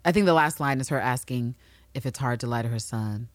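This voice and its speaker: Animated low-voiced woman podcast host. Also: a little fast, no echo. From New York City. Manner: animated, swears, bursts of excitement. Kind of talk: casual TV recap chat.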